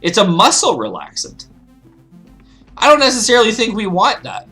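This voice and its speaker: Guy doing lets play commentary, kinda high voice, goofy and rambly, some game music playing quiet. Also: moderate pace. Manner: rambling, joking, excitable. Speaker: let's play host. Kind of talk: casual gameplay commentary.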